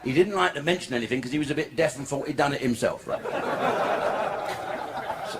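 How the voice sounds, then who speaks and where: A man's voice: medium pitch, a little fast, noisy background. An older man performing a crude, rambling, profane stand-up routine on a comedy club stage. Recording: live club with crowd laughter.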